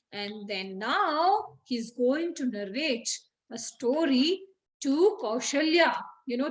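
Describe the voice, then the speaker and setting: A woman's voice: sits high, rough recording. A woman, teaching children by retelling a story in a chatty way, with many fillers and questions to the class.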